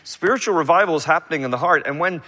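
A male pastor teaches through a passage in a relaxed, animated way, tossing in casual asides between verses. His voice is bright and forceful, and it rings out with a long reverb through the church sanctuary. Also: fairly high pitch. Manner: conversational, animated preaching with quick asides. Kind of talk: verse-by-verse sermon.

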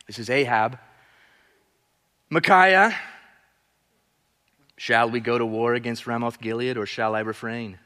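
A man preaching a sermon, emphatic, now and then dropping to soft, quiet asides. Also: a little high, in a large hall. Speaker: pastor.

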